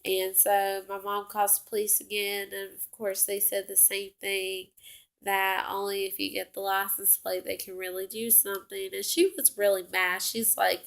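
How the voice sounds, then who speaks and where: A woman's voice: mid-range voice, flat delivery, moderate pace, creaky, a bit bright. A young woman casually telling a personal story, rambling with many fillers and self-corrections.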